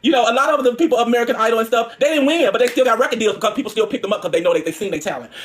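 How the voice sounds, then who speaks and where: Fast-talking Southern woman, rambling. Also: a little high. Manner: rambling, repeats herself, informal. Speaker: home cooking vlogger. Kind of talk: casual chat to viewers. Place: home kitchen.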